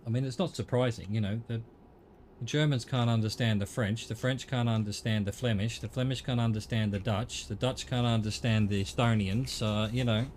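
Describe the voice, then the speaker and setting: A man's voice: medium pitch, fairly even intonation, normal speed, a little mellow, a little hiss or hum. A middle-aged man with an Australian accent chatting casually on a gaming stream, rambling and swearing now and then.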